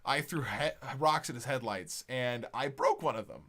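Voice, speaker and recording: Bright-voiced young man rambling. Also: mid-range voice, normal speed, few pauses. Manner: rambling, swearing, animated storytelling. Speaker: podcast host. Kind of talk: casual podcast chat.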